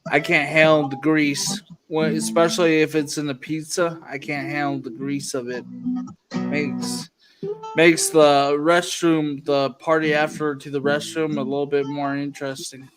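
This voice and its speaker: A man's voice: on the high side, level tone, measured pace, music in the background. A man in casual chat, talking hesitantly with many fillers.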